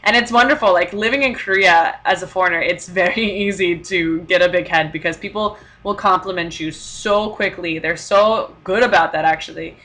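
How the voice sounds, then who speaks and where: Bright-voiced young woman vlogging. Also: on the low side, normal speed, hardly any pauses. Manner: chatty, with frequent fillers and light laughs. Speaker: vlogger living abroad. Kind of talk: casual talk to camera.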